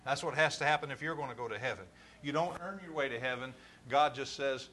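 A man preaching a sermon, building to forceful, emphatic stresses. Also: mid-range voice, quick pace, slight background noise.

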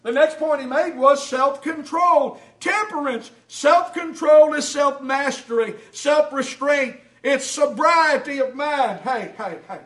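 A man preaching a sermon to his congregation, building to shouts and then dropping to quick asides. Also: very high voice. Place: church hall. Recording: echoey hall, mic at a distance.

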